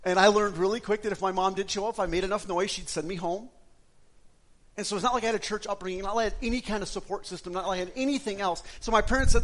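Guy from wisconsin preaching his testimony, kinda high voice, gets loud then drops real quiet. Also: fairly even intonation, very fast. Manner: emotional storytelling, swings from loud to hushed. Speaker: pastor giving his testimony. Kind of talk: sermon.

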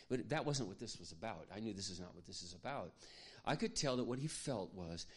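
A man preaching, telling a personal story in an earnest, confiding way that often drops to a hush. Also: lowish voice. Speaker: pastor. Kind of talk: sermon storytelling.

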